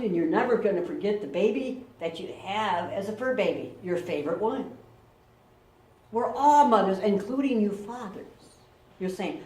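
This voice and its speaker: A middle-aged woman pastor preaching a lively, conversational sermon and acting out quotes. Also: medium pitch. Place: church sanctuary. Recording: echoey room, mic from far off.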